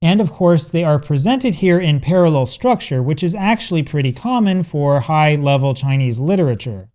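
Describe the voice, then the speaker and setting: A man talks through a language lesson, laying out grammar points patiently and reading out example sentences. His voice sits a touch higher than most men's, with a steady explanatory flow. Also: moderate pace. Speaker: language teacher.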